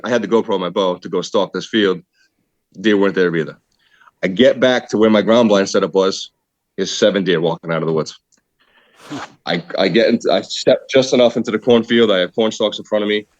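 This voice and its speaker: A man excitedly telling a hunting story in casual podcast chat, saying "dude" a lot. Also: lowish voice, no echo, highs cut off. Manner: excited, animated retelling with repeated "dude". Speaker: podcast guest, hunter.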